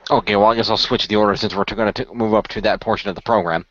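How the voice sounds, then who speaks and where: A man co-hosting a casual podcast, talking in an animated way with filler ums. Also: fairly low pitch, rapid-fire, slight background noise. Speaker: podcast co-host. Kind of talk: casual chat. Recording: dull dry lo-fi recording.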